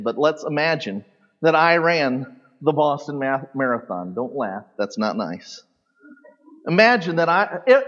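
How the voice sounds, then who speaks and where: A pastor preaching a sermon, teaching animatedly with sudden loud peaks and soft drops, in a large church sanctuary. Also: male voice, a little high. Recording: long hall reverb, dull lo-fi sound.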